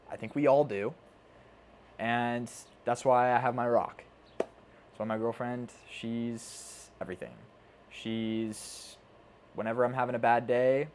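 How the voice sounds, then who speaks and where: Earnest man giving a motivational talk. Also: mid-range voice. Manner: earnest, repeats himself, swears casually. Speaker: self-improvement coach. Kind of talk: casual motivational talk to camera. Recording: faint background noise.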